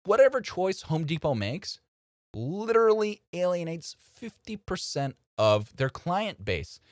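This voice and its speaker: Animated man giving casual commentary. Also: high voice, a little slow, dry recording, studio quality. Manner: animated and conversational, addressing viewers as folks. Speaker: host of a political commentary channel.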